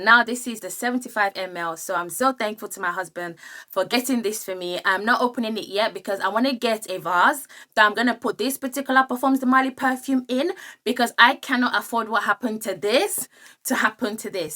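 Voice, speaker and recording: A woman's voice: fairly high pitch, bright, forceful tone. A young woman reviewing perfumes in a gushing, enthusiastic vlog style. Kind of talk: casual product review vlog.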